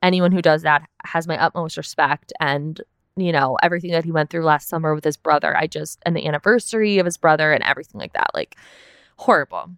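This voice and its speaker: A young woman hosts a podcast, recapping a reality show in chatty, casual talk loaded with "like" and the occasional swear word. Her voice is low, quick, fairly bright, clear and resonant. The recording is dry with clean studio sound.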